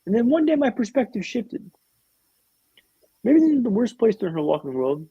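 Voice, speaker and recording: A man telling a vivid, humorous story with dramatic pauses as a guest in a podcast interview, on a dull, lo-fi recording. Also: very high voice, big pitch swings, mellow, slightly rough, dry recording.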